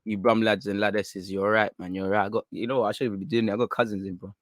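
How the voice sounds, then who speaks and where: A man's voice: on the low side, brisk, hardly any pauses, a bit bright, no echo, clean studio sound. Bantering young man. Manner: banters with viewers, laughs often, street slang. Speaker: football channel host. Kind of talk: casual livestream chat.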